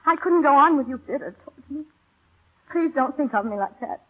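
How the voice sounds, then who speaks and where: An actress playing a doomed young heiress in a 1930s radio drama, swinging from teasing to tearful. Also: female voice, sits high, animated, fairly quick. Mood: tender. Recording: thin, phone-like old radio broadcast.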